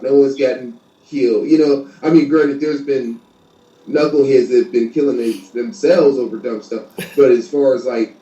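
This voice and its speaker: A man's voice: medium pitch, warm tone, muffled recording. A man talking as a guest in a casual chat, rambling with many fillers. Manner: rambling, lots of "you know". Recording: echoey room, far from mic.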